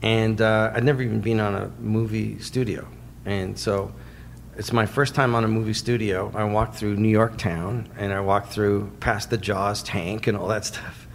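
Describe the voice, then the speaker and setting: A man as an interview guest, telling animated stories and acting out the quotes. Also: on the low side, moderate pace, gravelly, a little hiss or hum. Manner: animated storyteller, acts out quotes. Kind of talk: interview storytelling.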